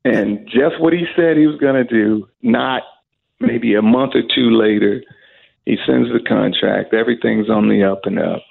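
Gravelly man telling stories on a phone line. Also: medium pitch, normal speed. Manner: animated storyteller who acts out the voices of people he quotes. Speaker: singer, interview guest. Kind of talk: casual storytelling. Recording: narrow phone-like sound.

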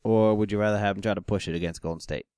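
A man's voice: lowish voice, steady tone, rapid-fire, a little mellow, smooth, no room sound, clean studio sound. A man co-hosting a casual sports podcast, loose and joking, leading the questions. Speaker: podcast co-host.

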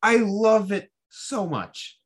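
A man with a somewhat high voice chats enthusiastically as a podcast co-host. He acts out characters' lines in a playful way. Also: expressive, slow, slightly rough. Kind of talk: casual chat.

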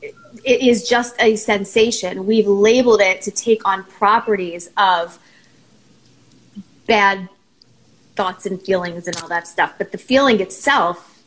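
A woman therapist, a guest on a talk show, explaining ideas in a steady teaching tone. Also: mid-range voice, slow, long pauses, poor audio. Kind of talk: conversational explanation.

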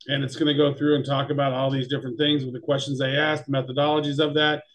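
A man co-hosting a casual chat, talking excitably and emphatically about the news. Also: medium pitch, fast, poor audio. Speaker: podcast co-host.

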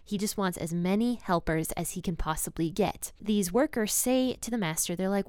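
A woman gives a relaxed devotional Bible talk, retelling the passage in plain conversational words and speaking openly about her own life. Her voice is smooth and clear, and the recording is dry and close. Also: mid-range voice, moderate pace, hardly any pauses, dry recording. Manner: candid and personal. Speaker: Bible teacher.

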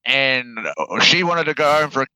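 A man's voice: medium pitch, normal speed, pushed and bright, smooth, low-quality recording. A man with a New Zealand accent, a guest talking casually about his trade work, laid-back and cursing freely, often repeating words as he thinks. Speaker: guest, heavy equipment operator. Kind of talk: casual podcast chat.

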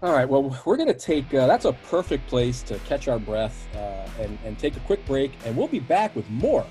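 A man's voice: mid-range voice, sing-song, normal speed, dark tone, faint music behind. A man hosting a podcast, chatting casually and agreeably with his guest. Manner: agreeable, reflective, fills with uh. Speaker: podcast host. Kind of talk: casual interview chat.

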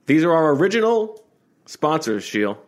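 A man's voice: a little high, sing-song, normal speed. A man co-hosting a casual sports podcast over a remote call, trading joking banter. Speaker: podcast co-host.

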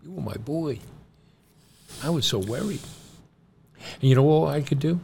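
A middle-aged man with a fairly high, creaky voice speaks at a moderate pace over slight background noise. He co-hosts a podcast and is John's father, animatedly telling his son a long family story and acting out the doctors he quotes.

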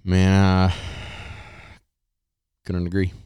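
A man's voice: deep voice, monotone, a little mellow, clean tone, no room sound, clean studio sound. A man hosting a podcast in casual chat, teasing his co-host and moving through segments. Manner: teasing, unhurried, runs the segments.

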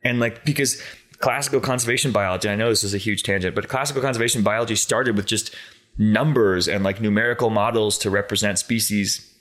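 A man in his thirties talks quickly in a casual interview, with a voice sitting a little low. He tells his story in an animated, rambling way, packed with filler words. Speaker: guest, conservation scientist.

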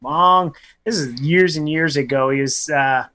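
A man's voice: on the high side, measured pace, pushed and bright. A man co-hosting a radio show, plainspoken, often restarting and repeating words as he talks. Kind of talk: casual radio banter.

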